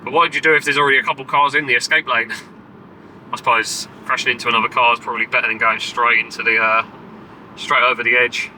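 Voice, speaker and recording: A man chatting casually and excitedly to camera as a travel vlogger, driving and walking about. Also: medium pitch, quick pace, a little hiss or hum, low-quality recording. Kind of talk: casual travel vlog chat. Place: in a car and outdoors.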